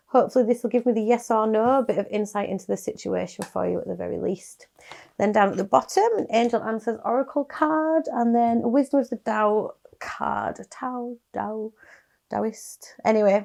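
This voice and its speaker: A woman giving a casual, chatty tarot reading to camera, soft-spoken with little sighs. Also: mid-range voice, vocal fry. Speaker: tarot card reader.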